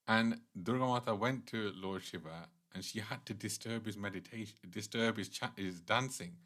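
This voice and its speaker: A man giving a casual devotional class, telling a sacred story in a conversational way with light laughs and animated asides. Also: lowish voice, normal speed, hardly any pauses. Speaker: temple class speaker.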